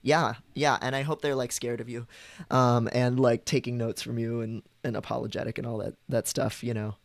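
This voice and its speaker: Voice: mid-range voice, level tone, moderate pace, no echo. A streamer chatting casually with viewers, rambling with frequent ums and likes.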